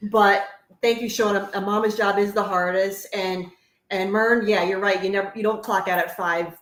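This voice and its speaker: A middle-aged woman with a New Jersey accent speaks bluntly and swears freely as a podcast co-host. Her voice sits at a middle pitch. The room around her is echoey. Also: steady tone, moderate pace, fairly bright tone. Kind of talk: casual podcast banter.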